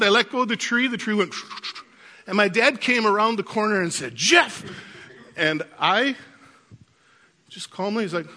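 A man preaching a sermon, telling lively childhood stories and laughing through them. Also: high-pitched. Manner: animated storyteller, laughs through anecdotes. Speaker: pastor. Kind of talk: sermon with storytelling.

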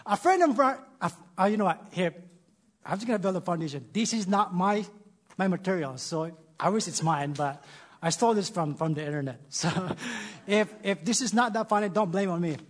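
A man with a Filipino accent speaks to a church congregation, opening his sermon with self-deprecating jokes. His voice sits high and swings widely in pitch, with a husky edge. He sounds animated and laughs at himself often. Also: fairly quick. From Philippines.

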